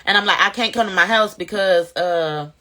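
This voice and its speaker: Bright-voiced mother telling her story. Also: normal speed. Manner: animated, acts out quoted voices, rising high when excited. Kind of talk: casual storytelling vlog.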